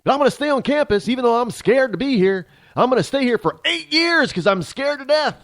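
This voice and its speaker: A man's voice: very high-pitched, expressive, brisk, fairly bright tone, dry recording, clean studio sound, voice pushed up. A man putting on the voice of a whiny, frightened and angry young male college student, in a mocking, stammering tone.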